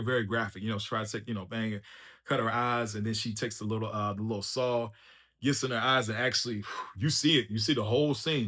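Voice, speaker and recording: A man giving a casual, unscripted show review as the host of his own channel, loose and animated, laughing often and calling the listener "bro" and "man". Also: mid-range voice. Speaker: YouTube reviewer.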